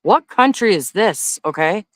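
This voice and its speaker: A man hosting a casual livestream, reading viewer comments aloud. He talks in a blunt, profane rant and breaks into loud, high-pitched disbelief. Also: expressive, measured pace, no room sound. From Canada. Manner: loudly incredulous, rises to high exclaims. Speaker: livestream host.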